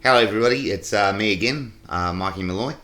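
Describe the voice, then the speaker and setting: A man doing a halting, awkward presenter. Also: on the low side, pushed and bright, faint music behind.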